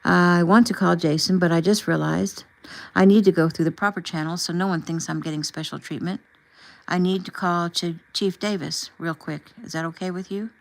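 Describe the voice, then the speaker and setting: A woman narrator voicing a calm, protective male federal agent who speaks steadily and reassuringly. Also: sits high, moderate pace, vocal fry.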